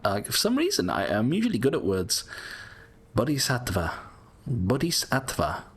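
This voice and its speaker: Lively British man commentating a game. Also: fairly low pitch, fast talker, a little hiss or hum. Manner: chatty, swears and yelps in frustration. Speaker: gameplay streamer. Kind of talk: casual gameplay commentary.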